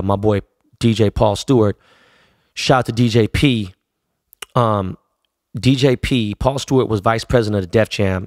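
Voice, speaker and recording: A man's voice: fairly low pitch, a little mellow, no room sound, studio quality. A middle-aged man from Los Angeles, a DJ, telling a story in a loose, profane, slang-heavy way. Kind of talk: casual storytelling.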